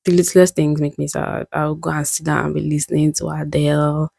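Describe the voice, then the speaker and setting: Low-voiced, gravelly young woman vlogger. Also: level tone, fairly quick, a little mellow, no echo. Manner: candid, musing, laughs at herself. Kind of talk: reflective casual monologue.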